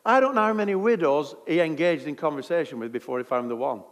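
A man's voice: a little high, lively intonation, quick pace, big-room sound. A man preaching a sermon in a jokey, conversational way.

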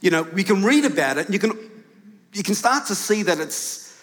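Male pastor, slightly higher voice, casual, chatty sermon, long church hall reverb. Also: expressive, moderate pace, a bit bright. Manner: conversational, with fillers and restarts. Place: large church auditorium.

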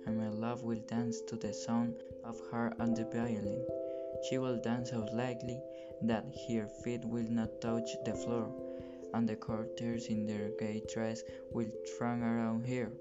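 A reader voicing a lovesick young student in a storybook reading, speaking flatly and mournfully over music. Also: medium pitch, unhurried, lightly acted. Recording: dull lo-fi sound with loud music.

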